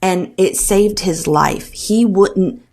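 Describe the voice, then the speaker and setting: A woman's voice: medium pitch, takes it slowly, a little mellow, soft background music. A woman recounting a painful personal story as a podcast guest, earnest and emotional, with frequent restarts and quoted dialogue.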